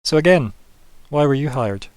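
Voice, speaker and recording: Man playing a smooth, scheming noble lord, veiled threats, dry close sound. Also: mid-range voice, expressive, normal speed, no room sound, lightly acted. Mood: menacing.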